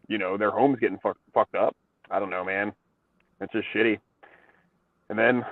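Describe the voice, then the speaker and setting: A man's voice: mid-range voice, dry recording. A man chatting loosely, full of ums and curse words, his voice squeezed into a thin phone-like band. The sound is dry and close, with no room around it. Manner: rambling, swears a lot, many fillers. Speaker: podcast co-host. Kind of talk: casual profane chat.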